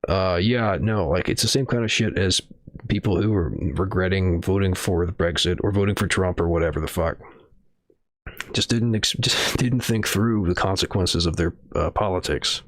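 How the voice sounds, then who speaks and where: A man's voice: low-pitched, moderate pace, dry recording, clean studio sound. A man streaming casual news commentary at home, rambling and swearing, with many fillers and hedges. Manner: rambling, profane, hedging with fillers.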